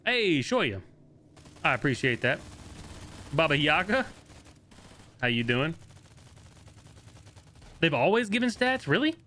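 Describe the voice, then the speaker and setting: Young man, game streamer, excitable, swearing, bright voice, lively pitch, gunfire behind. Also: measured pace, pauses often. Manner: excitable, swearing, laughing, answering chat. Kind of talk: live gameplay commentary.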